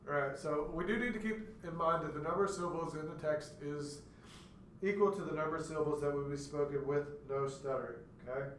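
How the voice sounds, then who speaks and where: With a slightly high voice and a slightly fast pace, a man delivers a classroom lecture, explaining step by step and performing stuttered words as examples. The mic sits far off in an echoey room, and there's slight background noise.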